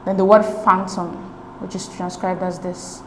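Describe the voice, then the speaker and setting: A woman tutor with a fairly low voice talks through exam answers patiently, one step at a time. The room around her is echoey, and a faint hiss sits under her speech. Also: level tone, measured pace. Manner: patient, step-by-step, checks with "okay?".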